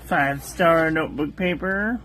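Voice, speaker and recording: Slow, soft-spoken woman testing paper. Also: sits low, a little hiss or hum. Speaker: calligraphy channel host. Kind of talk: calm ink-on-paper test review.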